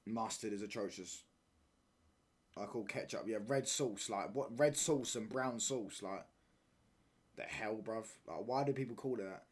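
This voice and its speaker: Young guy, live watchalong streamer, slangy chat, loud when ranting. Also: on the low side, measured pace, slightly rough. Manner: casual slangy banter, repeats phrases, gets loud when ranting.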